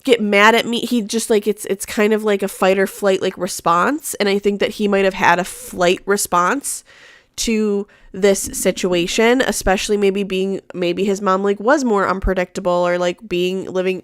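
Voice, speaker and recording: A woman's voice: medium pitch, steady tone, unhurried, clean tone, dry recording, clean studio sound. A woman hosting a casual live chat, rambling along with many fillers and restarts. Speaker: host; mother.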